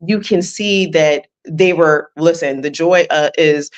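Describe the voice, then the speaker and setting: A woman's voice: low-pitched, measured pace. A woman hosting an interview as a life coach, encouraging and reflective, speaking straight to her listeners. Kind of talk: conversational interview.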